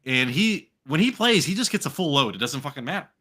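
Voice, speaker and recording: An American man co-hosting a live fantasy football stream, his voice bright and sharp and swinging up and down with energy. He rambles, restarts and swears freely, talking casually with a drink in hand. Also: on the high side, brisk. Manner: profane, rambling, animated. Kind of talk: casual live podcast chat.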